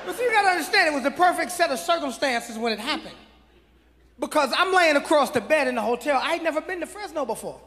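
A man's voice: very high-pitched, expressive, fast, a bit bright, long reverb tail. A man, a guest comedian, telling his side of a story in a laid-back, chuckling way. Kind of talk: stand-up storytelling. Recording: live stage mic, crowd.

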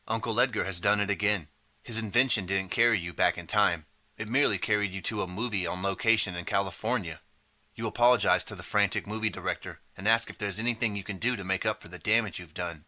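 Man reading a kids' adventure audiobook, steady, bright sharp voice, dry close mic. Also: lowish voice, fast talker, no room sound. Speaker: audiobook narrator. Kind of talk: scripted second-person narration.

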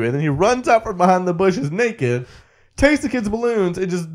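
A man co-hosting a podcast, casually recapping a movie in an animated way and laughing often. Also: high-pitched, moderate pace. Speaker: podcast co-host.

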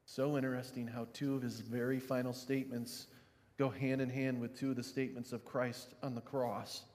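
A pastor giving a sermon, dropping to quiet, low reflection and rising to loud, emphatic preaching. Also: male voice, level tone, normal speed, long reverb tail, background noise.

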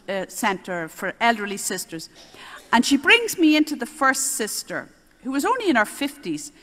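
An older woman, a nun giving a spiritual talk on prayer, telling stories in a lively way with little chuckles. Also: high-pitched. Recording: roomy hall reverb.

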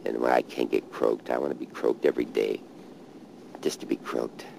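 A man talking aloud at his father's grave, halting and repeating himself in grief, recorded outdoors by a car. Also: a bass voice, fairly even intonation, gravelly, darkish tone, slight background noise, rough recording. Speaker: street hustler. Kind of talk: documentary monologue at a grave.

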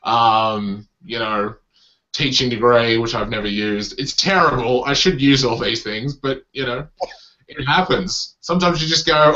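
Bright-voiced Australian comedian, lo-fi sound. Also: male voice, mid-range voice, normal speed. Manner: chatty, self-deprecating, acts out crowd reactions. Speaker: comedian guest. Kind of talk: casual interview chat.

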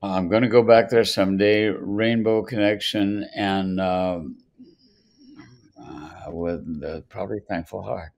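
A man's voice: low voice, steady tone, slow pace, creaky, darkish tone, dull audio. An older man, a songwriter guest on a podcast, telling long anecdotes with many restarts. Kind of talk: storytelling in a podcast interview.

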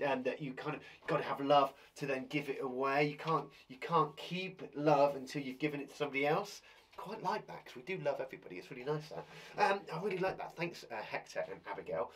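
A man's voice: on the high side, brisk, fairly bright tone, a little hiss or hum. A playful man, a young adult primary school teacher giving a live online lesson for children with theatrical, chatty reactions.

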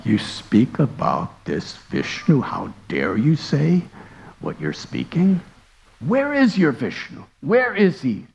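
Brief: man putting on a mighty demon king in a low, gravelly, threatening hush, slow and cold. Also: very animated, dull audio, full character voice. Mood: scornful. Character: furious demon king father, mighty and raging.

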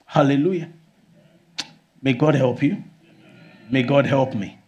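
A man preaching a sermon as pastor, often exclaiming hallelujah and rising to shouts. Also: medium pitch, slow pace, highs cut off.

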